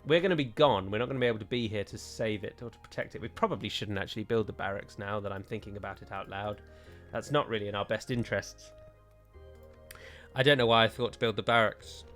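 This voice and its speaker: A man's voice: fairly low pitch, fast talker, a bit bright, faint music behind. Chatty man thinking aloud over a game. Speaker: strategy game player. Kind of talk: let's play commentary.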